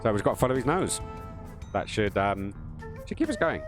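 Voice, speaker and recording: A man's voice: on the low side, sing-song, fairly quick. A man giving chatty, joking gameplay commentary with crude asides as a streamer. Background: game music.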